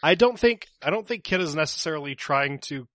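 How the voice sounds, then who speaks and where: A man's voice: on the high side, animated, a little fast, pushed and bright, dry recording, studio quality. A man running a tabletop role-playing game, bickering in character and narrating the scene.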